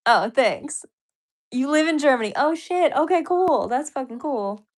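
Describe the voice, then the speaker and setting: A woman's voice: high voice, expressive, unhurried. A woman hosting a casual live stream, chatting loosely with viewers, reading their comments aloud and laughing often. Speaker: livestream host.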